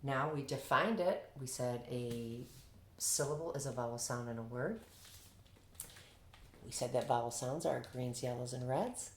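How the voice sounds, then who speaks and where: A woman with a low voice walks teachers through a reading lesson. She speaks in an upbeat, encouraging way and gives lots of praise. The room sounds echoey around her. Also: a little hiss or hum. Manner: upbeat, praising, demonstrates student answers. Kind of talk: instructional explanation to teachers.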